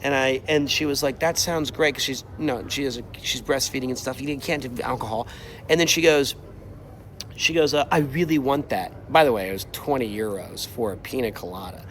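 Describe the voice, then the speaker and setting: A young man tells a trip story on a walk outdoors, his medium-pitched voice animated and exasperated as he acts out what others said. Faint street ambience hums behind him. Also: normal speed, slight background noise. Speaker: streamer. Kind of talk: casual storytelling while walking. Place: outdoors, walking. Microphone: mobile mic while walking.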